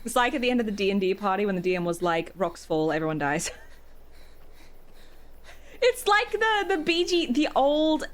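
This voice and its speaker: A young woman streaming a game, giggling often and swearing loudly between her comments. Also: on the high side, lively intonation, normal speed, pauses often. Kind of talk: casual gameplay commentary.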